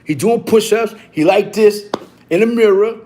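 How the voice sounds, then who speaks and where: High-voiced man telling a street story. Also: moderate pace. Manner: animated, profane street talk with many restarts and repeats. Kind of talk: casual storytelling to camera.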